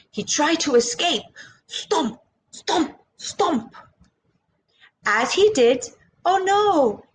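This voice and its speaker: A woman's voice: high-pitched, poor audio. A woman reading a children's picture book aloud, acting out sound effects and chatting to young listeners. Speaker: children's storyteller.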